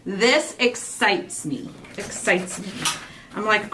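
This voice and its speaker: Woman, craft host, animated and fairly high voice, chatty and gushing, a bit far from the mic, faint background noise. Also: a little slow. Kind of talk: casual livestream chat while crafting.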